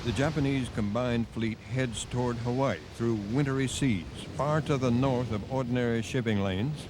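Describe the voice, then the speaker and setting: Guy narrating a tv history doc, measured and serious, bit of hiss on the tape. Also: medium pitch. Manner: measured, grave delivery. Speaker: documentary narrator. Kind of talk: scripted documentary narration. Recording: faint noise on a VHS broadcast.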